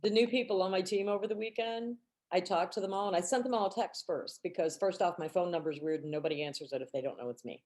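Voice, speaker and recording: Chatty lowish-voiced woman telling stories. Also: fast, darkish tone. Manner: chatty storyteller who acts out quotes with a raised pitch. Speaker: team director and book club co-host. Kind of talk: casual chat and reading aloud.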